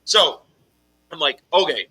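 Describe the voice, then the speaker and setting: A man on a collectors' live stream telling a heated story, swearing heavily and loudly acting out his own angry replies. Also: on the high side, lively intonation, unhurried, husky, rough recording. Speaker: podcast host telling a story. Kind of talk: casual live stream chat.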